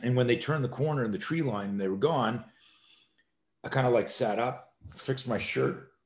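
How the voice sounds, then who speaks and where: A man's voice: mid-range voice, normal speed. A man, a self-defense expert, telling a story as a podcast guest and acting out the scenes with animation.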